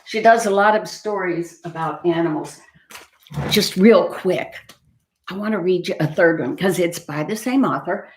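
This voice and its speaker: A woman reading picture books aloud to children at a library storytime, animated and expressive. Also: fairly low pitch, moderate pace, slight background noise. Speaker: storytime reader. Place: library room. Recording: echoey room.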